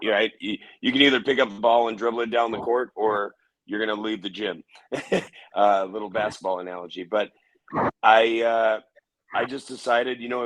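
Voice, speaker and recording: A man with a fairly low voice recounts his past in a casual interview. He talks haltingly, with restarts and filler words. The recording is dry and close. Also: a bit bright, dry recording, rough recording. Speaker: interview guest.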